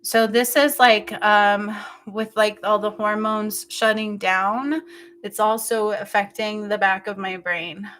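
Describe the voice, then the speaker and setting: A woman giving an intuitive healing session, talking slowly and haltingly with many fillers, in a soft, emotional and intimate way. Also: mid-range voice, fairly even intonation, slight background noise. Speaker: spiritual healer.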